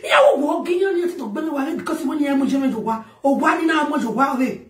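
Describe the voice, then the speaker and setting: A woman with a Nigerian accent delivering a loud, laughing, shouting rant as a talk show host. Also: high-pitched, lively intonation, a little fast. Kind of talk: ranting monologue. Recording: echoey, far from the mic.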